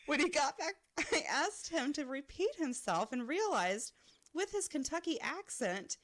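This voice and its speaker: A woman's voice: high-pitched, moderate pace. A woman co-hosting a podcast, reading out stories that listeners sent in, and laughing often as she goes. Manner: lively, bursts into laughter. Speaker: podcast co-host.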